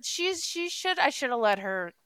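A woman's voice: high-pitched, big pitch swings, moderate pace, bright, forceful tone, dry recording. A woman with a Boston accent co-hosting a casual podcast chat, rambling and jokey, often breaking off and restarting. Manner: rambling, self-interrupting, jokey. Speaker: podcast co-host.

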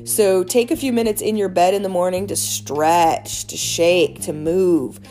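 A woman giving casual wellness advice in an earnest, animated, chatty way, with many fillers. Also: on the low side, measured pace, faint music behind. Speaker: wellness speaker.

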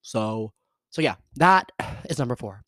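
A young man in his twenties with a Southern US accent chats through a solo podcast, voice sitting in the middle of a man's range. He rambles in an upbeat way, leaning on fillers and quick laughs, and now and then leaps high and loud for effect. The sound is dry and close, with no room around it. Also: lively intonation, no echo. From American South. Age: 20s. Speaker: podcast host. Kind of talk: casual solo podcast chat.

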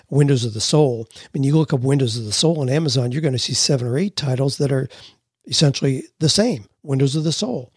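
Husky-voiced folksy male radio host. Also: a little high, a little mellow, no room sound, studio quality. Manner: folksy, explains with everyday examples; reads listener letters aloud. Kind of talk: conversational radio advice talk.

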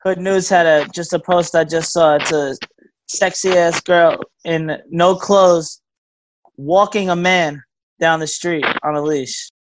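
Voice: mid-range voice, steady tone, slow, a little hiss or hum, low-quality recording. A co-host of a casual radio show, laughing along and agreeing in short replies.

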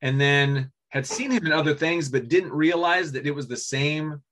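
A man co-hosting a casual movie podcast, rambling with many restarts and frequent throat clearing. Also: on the high side, moderate pace, fairly bright tone. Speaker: podcast co-host. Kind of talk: casual chat about movies.

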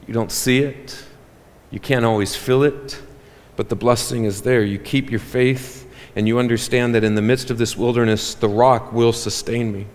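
A man preaching a sermon as pastor, animated and joking with the congregation. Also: medium pitch, moderate pace. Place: church hall. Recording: reverberant church hall.

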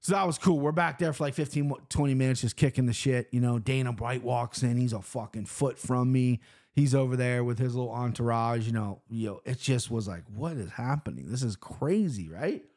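A man's voice: mid-range voice, steady tone, a little fast, a little mellow. A man from Cincinnati telling a loose, profane, rambling story, recapping his weekend in casual talk. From Cincinnati, Ohio, US. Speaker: vlogger.

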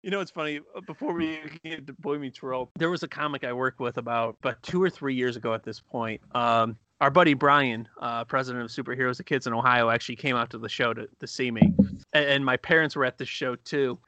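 A man co-hosting a casual chat podcast, a comedian telling anecdotes with animated asides. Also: mid-range voice, fast, no room sound. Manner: storytelling, animated impressions in anecdotes.

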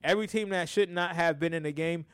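A man hosts a casual sports podcast, slightly higher-pitched than most men. He talks in animated bursts that swing from loud to soft, restarting his sentences as he goes. The sound is dry, with no room echo. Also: fast, clean tone. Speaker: podcast host.

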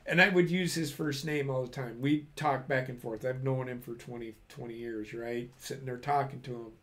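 A man's voice: mid-range voice, fairly even intonation, normal speed, fairly bright tone. A man, an army veteran, telling a long story in casual, profane chat, acting out other people's words. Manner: profane, rambling, acts out quoted people.

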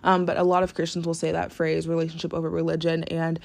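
Young woman with a low, gravelly voice. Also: completely flat delivery, fast talker, darkish tone. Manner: rambling, heavy use of "like", earnest and grateful. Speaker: podcast host. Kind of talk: casual solo podcast chat. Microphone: podcast mic, no camera.

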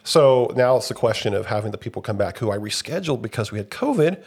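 A young man with a middle-pitched voice, a little hoarse as he gets over covid. He chats casually on a podcast and rambles through long stories, getting more animated as he retells what happened. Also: fast. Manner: rambling storyteller, animated when retelling events. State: recovering from covid, slightly hoarse. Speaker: podcast co-host. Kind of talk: casual chat.

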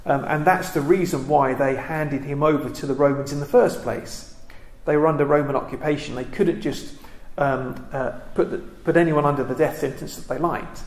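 Halting man teaching scripture. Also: on the high side, steady tone, a little mellow, reverberant. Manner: reflective, halting with many ums and restarts. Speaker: Bible teacher. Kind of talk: Bible study talk.

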